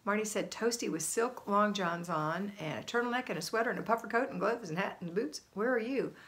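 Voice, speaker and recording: A woman's voice: mid-range voice, fairly quick, a bit bright. A middle-aged woman hosting a homemaking livestream, chatting upbeat and greeting viewers by name as she reads their comments aloud. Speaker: homemaking channel host. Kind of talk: casual livestream chat reading viewer comments.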